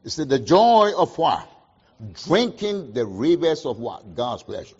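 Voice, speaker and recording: A man preaching a sermon, asking the congregation questions and answering them, with sharp swings between loud emphasis and quiet asides. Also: a little high, very animated, unhurried, breathy edge, lo-fi sound. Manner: call-and-response questions, emphatic swings in loudness.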